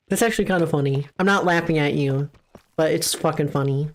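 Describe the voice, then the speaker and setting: Streaming a game live, a young woman banters casually with her audience, getting excited, cursing, and frequently jumping into high-pitched squeals.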